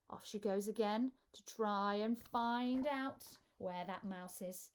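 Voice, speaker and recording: A woman reading a picture book at a live children's storytime speaks slowly in a mid-range voice, hardly pausing. She's an entertainer, expressive and coaxing the little ones to take part.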